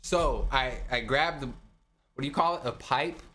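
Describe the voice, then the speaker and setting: A man's voice: medium pitch, unhurried, sharp tone. A young man co-hosting a podcast, telling a party story in casual, profane chat, laughing often and acting out what people said. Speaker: podcast co-host.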